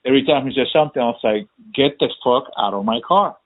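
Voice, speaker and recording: Husky man telling a profane story. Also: mid-range voice, fast. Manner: profane, animated, acts out quotes. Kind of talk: casual storytelling chat. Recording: tinny phone-like sound.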